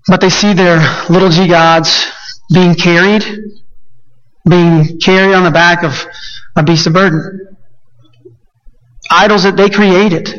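High-voiced preaching man, emphatic. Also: fairly bright tone, dull audio. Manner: builds to high emphatic peaks, slows for stress. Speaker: pastor. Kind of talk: sermon.

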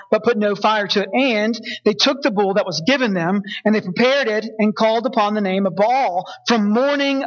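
Man, young adult, high-pitched, conversational preacher, muffled recording. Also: a bit bright. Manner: conversational, joking asides to the congregation. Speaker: pastor. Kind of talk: sermon.

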